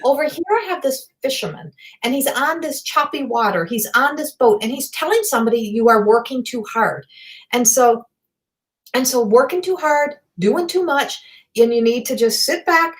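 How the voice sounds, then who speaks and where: Middle-aged woman, medium doing a live reading; higher voice, rambling and excitable, salty language. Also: normal speed. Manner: rambling, excitable, swears freely. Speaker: psychic medium.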